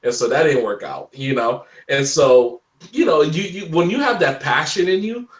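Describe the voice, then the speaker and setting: A man in his forties telling stories in a casual interview chat, animated and laughing often. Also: on the high side, moderate pace, echoey room, far from the mic, dull audio. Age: 40s. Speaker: guest.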